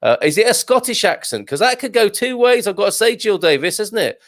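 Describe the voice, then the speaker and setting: A man with a high voice and big pitch swings hosts a casual live show at a brisk pace, with no room sound. He reads viewer comments aloud and chats back jokingly, full of fillers and restarts.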